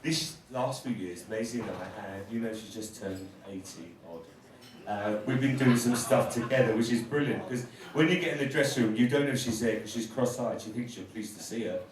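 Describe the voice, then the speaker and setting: A man's voice: medium pitch, brisk. A camp, bawdy man works the room as a drag queen comedian, teasing his way through a roast. His voice sits mid-range and bounces around a very echoey venue, a little far from the mic. A laughing crowd fills the space behind him. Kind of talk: stand-up roast. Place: live pub venue stage.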